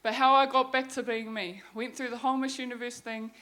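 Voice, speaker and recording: A woman's voice: a little high, flat delivery, a little fast, pushed and bright. A young woman with a New Zealand accent giving a candid personal testimony talk, frank and swearing freely as she retells her story. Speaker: guest speaker sharing her story.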